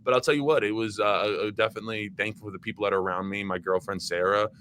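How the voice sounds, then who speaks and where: Bright-voiced young man chatting loosely. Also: on the low side, steady tone, rapid-fire, a little hiss or hum. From Maryland. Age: young adult. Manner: chatty and loose, with fillers, restarts and bursts of laughter. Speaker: podcast guest, former college football player. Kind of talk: casual chat.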